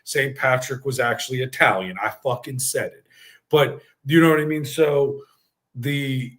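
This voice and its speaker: A man's voice: mid-range voice, unhurried. A man, hosting a casual chat and telling stories with lots of swearing. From New York. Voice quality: profane, animated storyteller. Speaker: podcast host.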